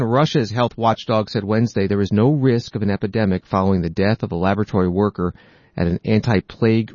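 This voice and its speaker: A man hosting a news program, reading out reports and quoting articles in a measured way. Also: lowish voice, dark tone, dry recording, highs cut off. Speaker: news host.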